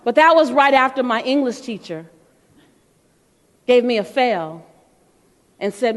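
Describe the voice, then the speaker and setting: A middle-aged woman giving an animated motivational talk to a live audience, playful and calling out to the crowd. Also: sits high, normal speed, a little hiss or hum. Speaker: motivational speaker. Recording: long hall reverb.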